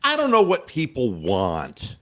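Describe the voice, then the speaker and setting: A man's voice: mid-range voice, huge pitch swings, a little slow, bright, forceful tone. A man hosting a podcast, ranting sarcastically and swearing freely. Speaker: podcast host. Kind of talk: profane rant.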